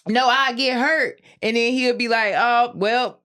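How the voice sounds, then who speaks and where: A woman with a slightly high voice speaks at normal speed. She co-hosts a podcast, chatting casually and telling animated stories full of laughter and acted-out voices.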